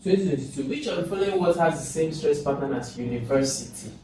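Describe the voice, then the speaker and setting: A man's voice: fairly high pitch, lively intonation, quick pace, background noise. A man with a Nigerian English accent tutoring for an exam, thinking aloud and repeating sounds over and over. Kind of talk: informal exam lesson. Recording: echoey room, far from mic, music behind.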